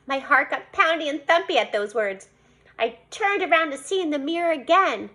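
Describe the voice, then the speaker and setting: Woman, storybook reader, animated, high voice, bright tone. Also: moderate pace. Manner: animated, voicing a young girl narrator. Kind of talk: storybook read-aloud.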